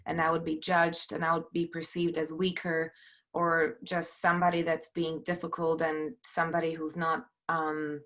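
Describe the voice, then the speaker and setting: A middle-aged woman speaks on a video call from her home, her voice set slightly low. She tells her story earnestly and haltingly, full of fillers and restarts. She is emotional, close to tears. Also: fairly bright tone. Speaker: panelist, film producer. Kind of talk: personal testimony on a panel.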